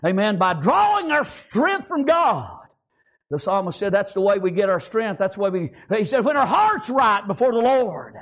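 A man preaching a fervent sermon, breaking into shouts and filling every pause with "praise God" and "amen". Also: high-pitched, expressive.

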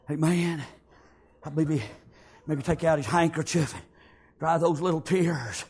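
A male preacher telling a story in a sermon, punctuated with amens and shouted lines. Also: a little high, fairly even intonation, moderate pace, long pauses, breathy edge.

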